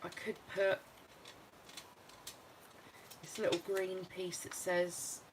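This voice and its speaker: A woman's voice: on the low side, little pitch movement, slow pace, background noise. A British woman talking through her scrapbooking as she works, chatting and thinking aloud. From United Kingdom. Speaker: craft vlogger. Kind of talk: casual crafting walkthrough.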